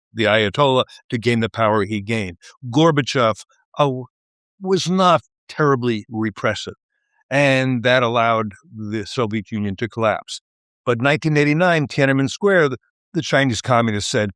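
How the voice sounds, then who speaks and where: A man's voice: medium pitch, a bit bright, dry recording, clean studio sound. A man hosting a policy discussion, explaining points in a conversational way and inviting his guests to disagree. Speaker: podcast host.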